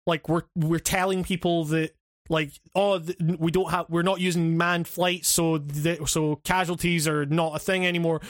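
High-voiced rambling man, dry sound. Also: fairly bright tone, dry recording. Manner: rambling, profane, many restarts and fillers; laughs often while talking. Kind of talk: casual chat.

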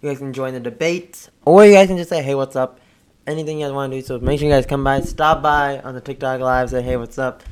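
A man hosting a casual sports podcast, upbeat and chatty, with a slightly hoarse voice. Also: mid-range voice, steady tone, quick pace, few pauses. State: a bit hoarse. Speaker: podcast host.

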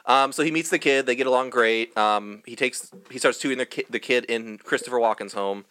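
A man walking through a film's plot for friends, tossing in dry one-liners as he goes. His voice is bright, at an ordinary pitch for a man. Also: smooth, no echo. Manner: dry, narrates the plot with quick jokes. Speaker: podcast co-host. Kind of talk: casual comedic movie recap.

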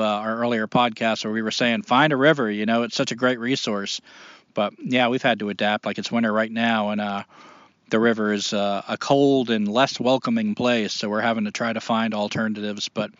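A man's voice: mid-range voice, fairly bright tone, no room sound. A man hosts a casual podcast in an earnest, rambling way, full of fillers and restarts. The sound is dry and a little dull. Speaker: podcast host.

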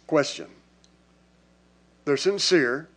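A pastor preaches a sermon to his congregation in a church, talking emphatically and conversationally and calling out to the people in front of him. His voice is on the high side, expressive and very slow.

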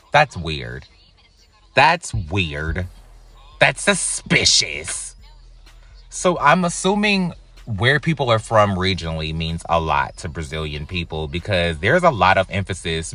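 An American man giving casual, chatty reaction commentary on a reality show, with animated, incredulous asides. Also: lowish voice. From United States.

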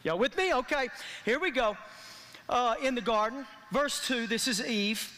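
A man delivers a sermon in a high, bright voice. The long reverb of a large church hall trails after his words as he draws the congregation into call-and-response. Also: lively intonation, unhurried. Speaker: pastor. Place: church sanctuary.

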